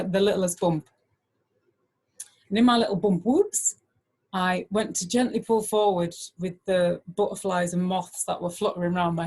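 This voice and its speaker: A middle-aged woman, a guest speaker, telling a personal story in an animated way, full of "like" fillers. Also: mid-range voice.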